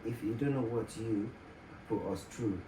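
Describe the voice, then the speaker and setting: A man's voice: fairly low pitch, unhurried. Man, husband co-host, playful, teasing, chatty, distant mic, noisy echoey room. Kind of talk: casual family chat. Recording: roomy, distant mic, clear background noise.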